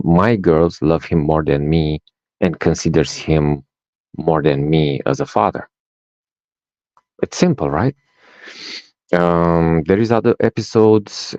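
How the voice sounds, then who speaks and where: On a podcast interview, a life coach from Romania with a deep voice and Romanian as his first language recounts personal stories. He animates them by acting out dialogue and adding "right?" to his lines, and the audio is dull and dry without echo.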